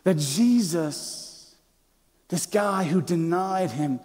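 A male pastor preaches with passion, his voice pitched high for a man yet mellow in tone. He swings from loud, emphatic lines to hushed near-whispers and often restarts his words. His voice rings with the long reverb of a large church hall. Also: takes it slowly. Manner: repeats and restarts words as he speaks. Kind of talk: sermon. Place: church sanctuary.

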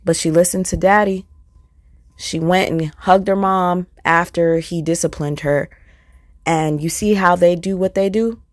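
Blunt low-voiced woman commentator. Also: steady tone, unhurried, no echo, clean studio sound. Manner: blunt, scornful, rhetorical questions. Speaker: commentary channel host. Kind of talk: opinionated commentary.

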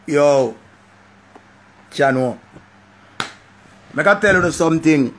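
Jamaican male vlogger, fairly high voice, animated and repetitive, profane commentary. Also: slow pace, long pauses. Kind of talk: casual commentary.

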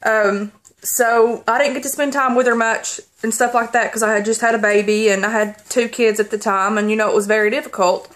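A woman vlogger holding back tears as she tells a personal story, halting and rambling with many pauses and restarts. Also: on the high side, fairly even intonation, a bit bright.

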